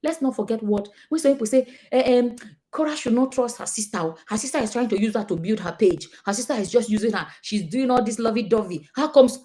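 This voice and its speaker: Animated Nigerian woman vlogger. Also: on the high side, a little fast. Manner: animated, emphatic, acts out quoted people. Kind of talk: casual commentary to camera.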